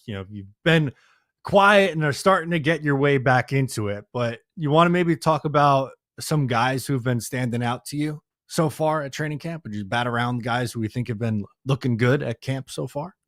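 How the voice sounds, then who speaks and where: Man from long island, mid-pitched, easygoing podcast host, dry close sound. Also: moderate pace, a bit bright, no echo. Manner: easygoing, steers the conversation. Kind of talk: casual sports podcast chat.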